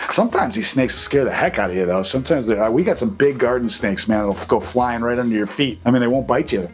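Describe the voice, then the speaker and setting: Casual real estate vlog host, male, mid-pitched, loose and jokey delivery. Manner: chatty, joking, reads questions then answers off the cuff. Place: Maine.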